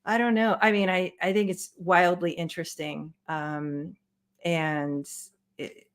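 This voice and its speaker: A woman's voice: on the low side, fairly even intonation, slow. A woman who works as a therapist, a guest on a podcast, thinking aloud in a reflective way. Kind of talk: casual conversation.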